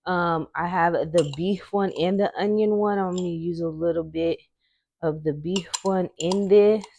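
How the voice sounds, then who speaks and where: A woman's voice: fairly low pitch, steady tone, measured pace, creaky, warm tone, a little hiss or hum. A woman hosting her own home cooking show, talking viewers through a recipe in a chatty, encouraging way.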